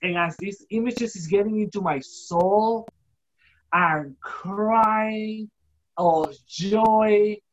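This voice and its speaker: A guest giving an emotional personal testimony, halting and repeating words for emphasis, acting out remembered dialogue. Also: highs cut off. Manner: acts out quoted dialogue with shifting pitch. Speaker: guest telling a personal story.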